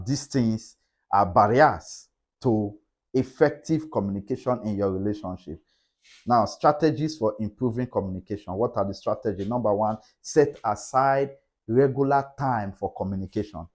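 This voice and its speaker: This middle-aged man delivers a motivational talk on relationships, hammering home key points with a repetitive, emphatic, preacher-like cadence. His voice sits on the low side with a darkish tone, at a moderate pace.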